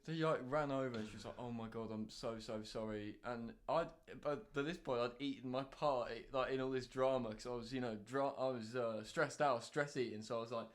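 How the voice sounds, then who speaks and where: A man's voice: mid-range voice, fairly even intonation, brisk, few pauses. A man, co-hosting a podcast and telling a rambling anecdote in casual chat with asides. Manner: rambling, with many fillers and asides. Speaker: podcast co-host.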